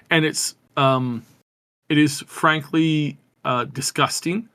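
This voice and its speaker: A man's voice: a little high, steady tone, slow pace, pushed and bright, clean tone. A man co-hosting a gaming news podcast, talking casually with many restarts and growing indignation. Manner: rambling, frequent restarts, indignant. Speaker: podcast co-host.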